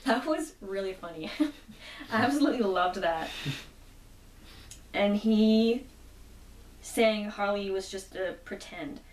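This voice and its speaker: A woman's voice: mid-range voice, slow, long pauses, darkish tone. A woman casually recapping a comic book story, quoting the characters as she goes. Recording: roomy echo, mic at a distance.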